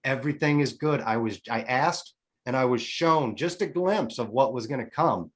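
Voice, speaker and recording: A man's voice: medium pitch, normal speed. A man as a podcast guest, telling a personal story in a casual, earnest and emotionally open way, rambling with restarts and self-corrections.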